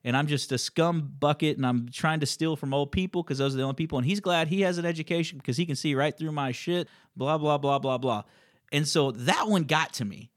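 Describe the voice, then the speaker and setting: A man with a fairly high voice, recorded close and dry. He tells his business stories with animation and acts out both sides of tense phone calls. The talk is relaxed and conversational. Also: brisk, dry recording. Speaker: land investor guest. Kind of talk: casual podcast conversation.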